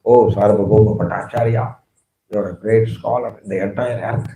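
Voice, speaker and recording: A man's voice: big pitch swings, a little slow. A man voicing a humble young monk. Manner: quiet, humble and low. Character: humble young male monk, soft-spoken. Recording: echoey hall.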